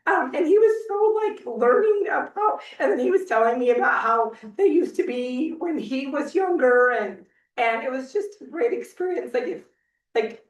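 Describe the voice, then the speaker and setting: A woman on a school board telling a story about a colleague in a rambling, animated way, her voice affected by allergies. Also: sits high, normal speed. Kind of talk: spoken tribute at a board meeting. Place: meeting room in a school. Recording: roomy sound from a distant mic.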